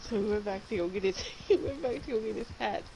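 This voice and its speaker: A woman's voice: mid-range voice, fast talker, dark tone. A young woman playing a game with a friend, teasing her and laughing a lot in casual banter. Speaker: gaming friend. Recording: clear background noise.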